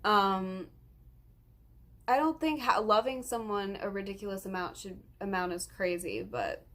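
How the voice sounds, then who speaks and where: A woman's voice: medium pitch, expressive, a little slow, a bit bright. A nineteen-year-old woman vlogging, earnest and rambling with lots of ums, close to tears as she talks. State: tearful, close to crying. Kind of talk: emotional personal vlog.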